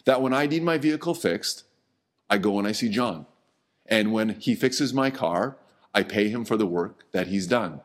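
A middle-aged man gives a sermon in a low voice. He talks like he is chatting with the congregation, repeats himself now and then, and lets his voice sink quiet on the words he wants to stress. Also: animated, normal speed. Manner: conversational, repeats words, drops low and soft on key words. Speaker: pastor.

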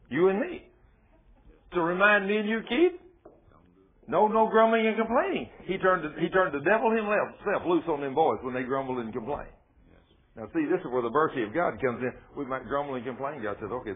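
A folksy preacher who drives his points home with one rhetorical question after another. His voice is fairly high and husky, and it comes through thin and tinny, like a phone-line radio broadcast. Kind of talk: sermon.

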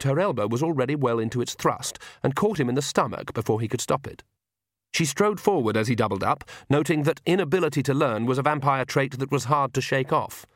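A man narrating a comic fantasy audiobook with a dry, even storytelling manner. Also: medium pitch, no room sound. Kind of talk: scripted narration.

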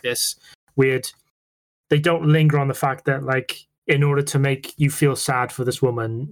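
A man hosting a casual podcast, talking in an animated way with plenty of swearing. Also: mid-range voice. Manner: animated, swearing, acts out scenes. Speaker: podcast host.

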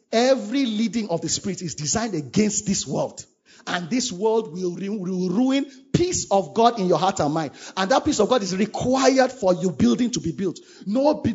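A man's voice: high-pitched, husky. A man preaching a sermon, urging his listeners with fervent, repetitive lines. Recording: dull lo-fi recording.

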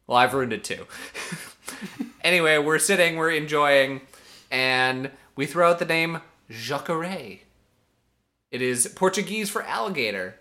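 A man's voice: fairly high pitch, expressive, a little slow, bright, forceful tone. A man co-hosting a podcast, casually recapping a reality show, joking, laughing often and acting out scenes. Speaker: podcast co-host.

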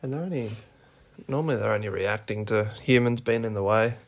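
An Australian podcast co-host chatting casually, relaxed with dry asides. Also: medium pitch, a little fast. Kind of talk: casual chat.

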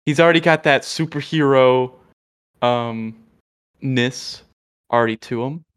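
A man's voice: mid-range voice, measured pace, clear, resonant tone. A man co-hosting a casual podcast chat, joking and upbeat, often tripping over names. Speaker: podcast co-host.

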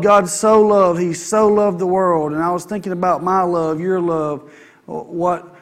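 A man, preaching a sermon in a conversational, folksy way and repeating his phrases. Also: high-pitched. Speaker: pastor. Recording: long hall reverb.

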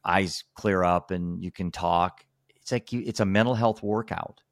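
A man's voice: low-pitched, normal speed, dry recording, clean studio sound. A man hosting a podcast, talking casually and rambling with many restarts. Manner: rambling, frequent restarts and "you know". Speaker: podcast host and speaker. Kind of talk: casual conversation.

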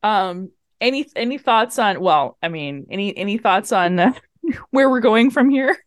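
A woman's voice: medium pitch, a little slow, dry recording. Woman podcast cohost, rambling movie recap, does the lines, swears a lot, mid voice, dry close mic. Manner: animated retelling with acted-out quotes and swearing. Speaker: podcast co-host. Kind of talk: casual chat.

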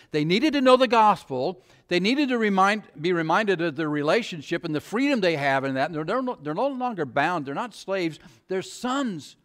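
A middle-aged male pastor preaching a sermon, asking the congregation rhetorical questions in a conversational way. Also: fairly high pitch.

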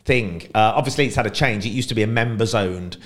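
A middle-aged man tells long stories as a podcast guest. His voice sits a little low, and he rambles casually, leaning on plenty of ums and uhs as he goes. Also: quick pace. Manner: chatty, rambling, frequent fillers. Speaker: podcast guest, Pride co-founder. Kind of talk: casual storytelling.

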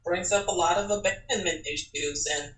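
A woman guest telling personal stories in an animated, chatty way, with many fillers and restarts. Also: lowish voice, moderate pace, roomy sound, low-quality recording. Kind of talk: casual personal storytelling.

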